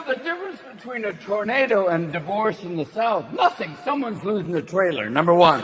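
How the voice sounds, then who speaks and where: On a theater stage with a handheld mic, a man performs manic, shouting stand-up, jumping between quick character voices in a high, sing-song voice. The recording has a big-hall sound and a loud, laughing crowd.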